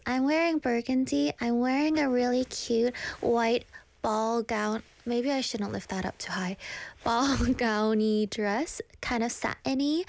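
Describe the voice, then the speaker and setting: Bubbly high-voiced young woman DJ. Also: gravelly, no room sound. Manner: bubbly, giggly, chatty. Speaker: radio DJ. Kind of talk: casual radio chat.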